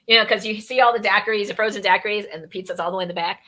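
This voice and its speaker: A woman's voice: medium pitch, steady tone, racing, sharp tone. A woman from Philadelphia co-hosting a radio talk show, chatting casually and laughing often. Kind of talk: casual chat.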